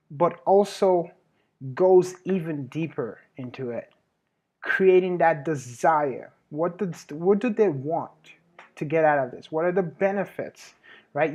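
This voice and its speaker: A web marketing advisor hosts a casual marketing tutorial, chatty and self-correcting with frequent restarts, and plugs his own services with a laugh. The voice is medium-pitched and a little mellow.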